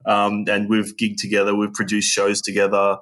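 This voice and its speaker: Australian man, low voice, hesitant. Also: monotone, moderate pace, a bit bright. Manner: hesitant, many ums and restarts. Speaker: guest, game designer. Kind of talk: casual interview chat.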